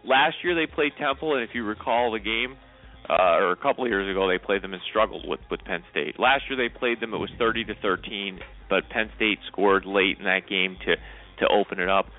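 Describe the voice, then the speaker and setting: A man's voice: lowish voice, a little fast, soft background music. A man co-hosting a sports talk show, giving his picks in a chatty, hedging way. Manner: talkative, hedging with "I mean" and "you know". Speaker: co-host making picks. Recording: phone-like call-in line.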